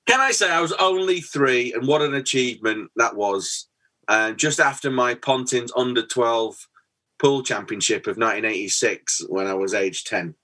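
A man's voice: medium pitch, moderate pace, pushed and bright. A man in his forties co-hosting a football podcast, telling stories and acting out dialogue. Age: 40s. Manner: anecdotal, acts out dialogue. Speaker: podcast co-host. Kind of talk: casual chat, football talk.

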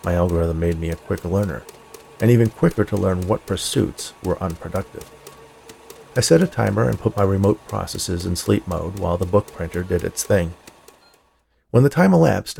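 A man reading a story aloud in a dry, measured narrating manner. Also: sits low, vocal fry, dark tone, slight background noise. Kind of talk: scripted narration.

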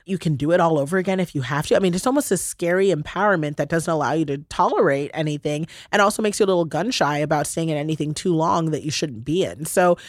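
A woman with a low voice talks fast and barely pauses, recorded in a clean studio with no room sound. She's a podcast host sharing personal stories in a casual, heartfelt, laugh-filled chat, animated and gushing, and she briefly gets choked up.

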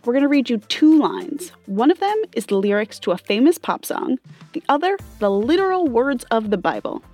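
A woman hosts a scripted kids' podcast game show in a slightly high voice. She is brisk and exasperated, the straight woman to her co-host's jokes. Faint music plays underneath. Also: very animated, darkish tone.

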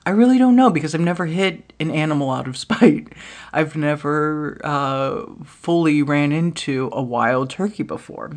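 A woman hosting a podcast, telling a comedic personal story with lots of swearing, dropping into hushed asides and jumping to loud bursts. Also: deep voice, animated, moderate pace. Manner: profane, dramatic, swings between hushed asides and loud bursts. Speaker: podcast host.

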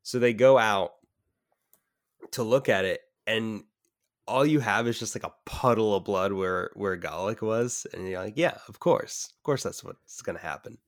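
A man's voice: lowish voice, moderate pace, no room sound, studio quality. A man co-hosting a casual movie podcast, rambling and swearing as he recalls favorite scenes. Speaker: podcast co-host.

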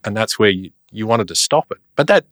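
A man's voice: lowish voice, lively intonation, brisk, no room sound, clean studio sound. A man, a podcast guest talking earnestly and reflectively about family and healing. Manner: earnest, reflective, warms up when recalling family moments. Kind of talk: conversational storytelling.

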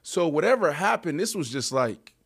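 A man with a high voice hosts a casual sports podcast. He talks in an animated, joking way and laughs often as he teases people. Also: normal speed, creaky, breathy edge. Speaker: podcast host.

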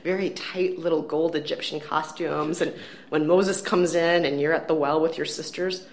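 A woman's voice: low-pitched, fairly even intonation, moderate pace, a little hiss or hum. A woman co-hosting a movie podcast, chatting casually about a film she is reviewing. Her manner is wry and sarcastic, and she gets enthusiastic when she lands a joke. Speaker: podcast co-host, film critic. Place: empty office room.

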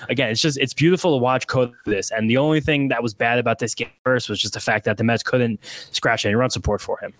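A man co-hosting a podcast in casual sports chat, excitable and full of fillers. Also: medium pitch, dry recording. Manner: excitable, rapid, lots of fillers. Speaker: podcast co-host. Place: Brooklyn room.

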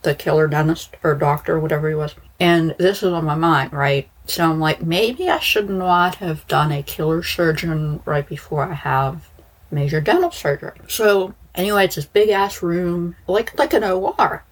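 Low, husky woman, slightly slurred. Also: moderate pace, poor audio. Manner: rambling, chatty, frequent restarts and fillers. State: slightly slurred speech after dental surgery. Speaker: podcast host. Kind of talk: casual monologue.

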